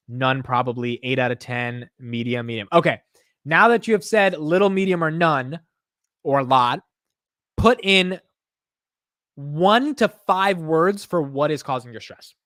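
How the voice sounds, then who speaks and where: A man's voice: mid-range voice, fairly bright tone, clean tone, dry recording, clean studio sound. A young man hosting a late-night livestream, rambling loosely and reading viewer comments aloud, with "yo" and "bro" thrown in often. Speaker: livestream host.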